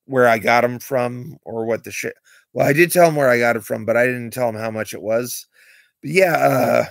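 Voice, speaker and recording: Gravelly man rambling on a late-night stream. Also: medium pitch, no echo, clean studio sound. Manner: rambling, candid storytelling. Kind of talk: late-night livestream monologue.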